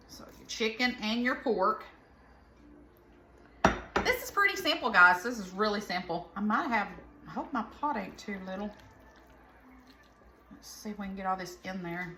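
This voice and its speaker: A woman's voice: mid-range voice, bright, forceful tone, reverberant, a little hiss or hum. A woman with a Southern American accent, chatting casually to viewers while she cooks in her home kitchen, rambling into folksy asides. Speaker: home cooking host. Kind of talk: casual cooking vlog.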